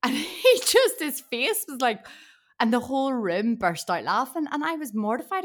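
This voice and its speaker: A woman actress chatting as a podcast guest, telling animated stories and laughing often. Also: fairly high pitch, brisk. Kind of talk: casual chat.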